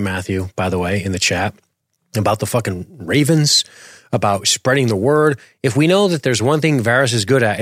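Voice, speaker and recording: A man's voice: fairly low pitch, dry recording, clean studio sound. A man co-hosting a casual TV recap show, opinionated and profane, reading chat comments aloud. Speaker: podcast co-host.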